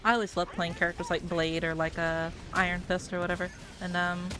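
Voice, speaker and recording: A young woman VTuber chatting casually on a livestream, sounding sick and rough-voiced, laid-back and self-mocking, swearing casually. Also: on the low side, flat delivery, fairly quick, over music. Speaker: VTuber streamer.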